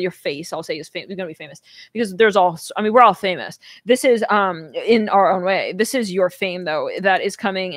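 A woman's voice: fairly low pitch, no echo, studio quality. A woman doing a casual tarot reading for viewers, talking in a rambling way full of fillers and restarts. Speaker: tarot reader.

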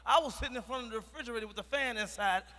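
A man doing a stand-up routine on a large arena stage, loud, profane and emphatic, with bursts of shouting. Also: very high voice, very fast, big-room sound. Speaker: stand-up comedian.

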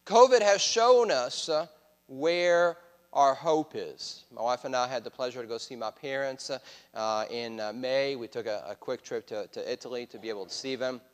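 A man's voice: medium pitch, fairly even intonation, brisk, clean tone. A man with a French accent, preaching as a guest speaker in a church in a friendly, self-deprecating way with frequent hesitations. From France. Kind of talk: sermon. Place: church sanctuary. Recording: church hall reverb.

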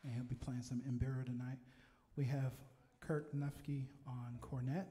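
A man introducing his band from the stage of a live concert, speaking in halting, unhurried phrases with pauses. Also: mid-range voice, little pitch movement. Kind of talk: onstage announcement at a live concert. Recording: reverberant live hall with noise.

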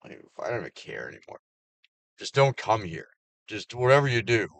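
A man with a fairly low voice vents in a bitter, swearing rant. He lurches from raised outbursts to flat, muttered asides. The sound is close and dry, with no room around it. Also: brisk, creaky, no room sound. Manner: heavily profane, swings between loud outbursts and low mutters. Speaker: vlogger. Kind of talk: angry personal rant to camera.

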